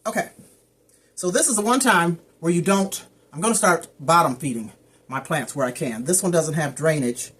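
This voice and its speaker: A woman's voice: low voice, moderate pace, fairly bright tone, breathy edge. Chatty woman rambling about plants. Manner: chatty, rambling, stumbles over plant names. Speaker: plant care vlogger. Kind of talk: casual how-to chat.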